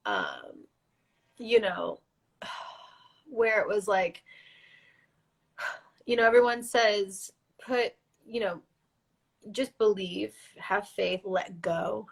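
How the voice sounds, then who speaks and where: A woman guest, tearful and earnest, telling her story in halting, faith-driven speech. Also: mid-range voice, big pitch swings, vocal fry, husky, low-quality recording. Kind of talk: emotional personal interview.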